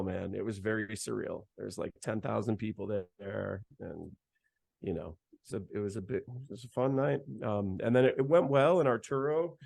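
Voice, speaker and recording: Young male musician guest, low gravelly voice, rambling casual storyteller, dry close sound. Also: a little mellow, no echo. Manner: chatty, heavy use of "like" and "man". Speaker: guest saxophonist.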